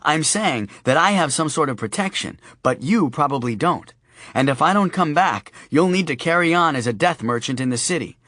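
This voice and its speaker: Cast: a man doing an anxious, joking shopkeeper hero for an audiobook, lively lilting delivery, dry close sound. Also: a little high, moderate pace, dry recording, voice pushed up. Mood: earnest. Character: nervous, wry male shopkeeper turned death merchant.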